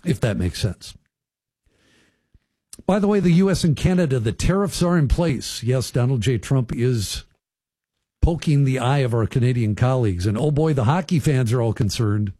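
Chatty radio host, dark husky voice. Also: male voice, medium pitch, expressive, normal speed, no room sound. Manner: chatty, folksy asides to listeners. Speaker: radio talk show host. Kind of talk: casual radio talk commentary. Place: radio studio.

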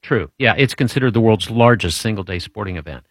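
A man's voice: on the low side, animated, fairly quick, a bit bright, dry recording, studio quality. A man hosting a casual trivia quiz, chatty and jokey, wandering through his explanations with restarts. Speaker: show host running a trivia quiz. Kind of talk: casual radio-style trivia chat.

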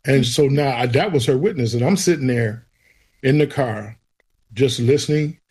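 A man tells the story of his faith as an interview guest, speaking at normal speed in a medium-pitched, slightly rough voice. He is an animated storyteller who acts out the voices he quotes.

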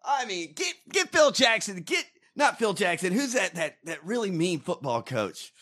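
A man ranting in a casual chat, animated and full of cursing. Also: sits high, normal speed. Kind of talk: casual profane political rant.

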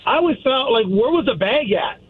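High-voiced male caller on a tinny phone line. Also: lively intonation, fairly quick, slightly rough. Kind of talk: phone-in chat.

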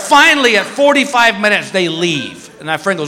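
A man with a strikingly high voice tells a stand-up story in a lively, sing-song way. He acts out the other people in the story. The sound is live from a club, with a long reverb and a crowd around him. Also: a little fast, slight background noise. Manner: animated, acts out a high-pitched wife's voice. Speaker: stand-up comedian. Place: comedy club stage with live audience.

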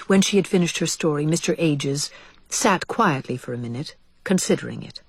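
A woman narrating a children's storybook aloud, expressive and hushed in tense parts. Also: sits low, normal speed, slightly rough, no room sound. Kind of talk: storybook reading.

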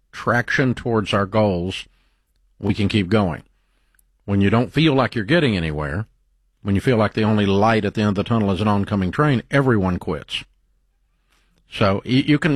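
Husky-voiced middle-aged male radio host. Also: fairly low pitch, no room sound. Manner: confident, plain-spoken, folksy. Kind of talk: call-in advice talk.

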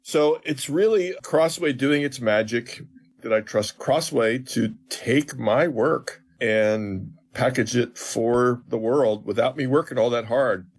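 A man's voice: medium pitch, slow, husky. A middle-aged man, a professor of biblical theology, explains scripture in an interview, earnestly acting out quoted dialogue.

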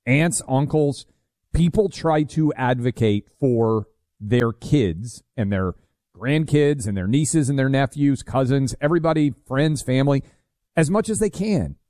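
A man's voice: mid-range voice, animated, measured pace, warm tone, dry recording, studio quality. A male radio co-host in casual talk-radio banter, teasing and chatty, with lots of fillers.

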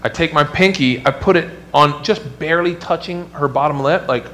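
A man's voice: a little high, normal speed, a bit bright. A young man, a father, doing stand-up and telling a rambling story full of "like". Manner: rambling, filler-heavy storytelling with lots of "like". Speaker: stand-up comedian. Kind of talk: stand-up comedy routine. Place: comedy club stage. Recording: live club recording with background noise.

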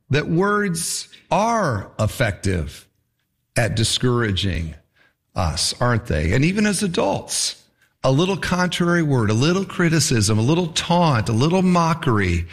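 A man preaching a sermon, reading scripture and acting out mocking voices. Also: medium pitch. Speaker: pastor.

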